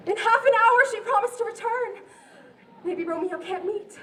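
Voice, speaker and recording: A woman's voice: very high-pitched, moderate pace, fairly bright tone, a little hiss or hum. An actress playing an eager, impatient young woman in love on a live outdoor stage. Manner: impatient, pleading. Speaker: stage actor. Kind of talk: live outdoor theater acting and singing. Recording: distant echoey live stage recording with music.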